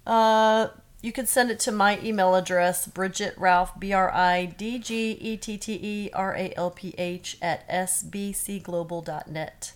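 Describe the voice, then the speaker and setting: A woman's voice: mid-range voice, fairly even intonation, unhurried. A woman co-hosting a podcast from her bedroom, chatting and telling stories in an easygoing way. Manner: chatty, storytelling. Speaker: podcast co-host. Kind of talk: casual chat. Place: bedroom at home.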